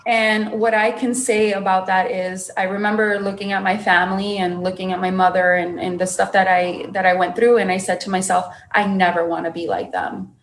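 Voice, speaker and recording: A woman's voice: mid-range voice, brisk, few pauses, echoey room, a little hiss or hum. A young adult woman, a podcast guest, telling her personal story with emotion and acting out what others said. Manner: emotional, animated storyteller who acts out quotes.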